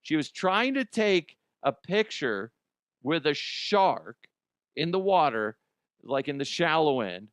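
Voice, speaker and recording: A man's voice: on the high side, very animated, takes it slowly, fairly bright tone, clear, resonant tone, no echo. A man hosting a comedy news show, rambling and swearing through odd headlines in disbelief. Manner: profane, rambling, incredulous. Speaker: comedy news podcast host. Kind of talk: casual comedic news commentary.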